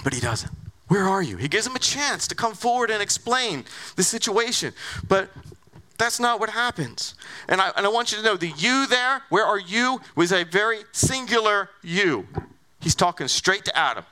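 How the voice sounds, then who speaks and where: Brief: male pastor giving a sermon, high, lively voice, conversational and animated, lots of rhetorical questions. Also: moderate pace.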